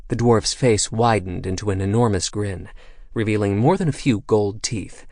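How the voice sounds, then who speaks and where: With a lowish voice and a clean, echo-free studio sound, a man reads a scripted audiobook. He tells the story at normal speed in a level, even way.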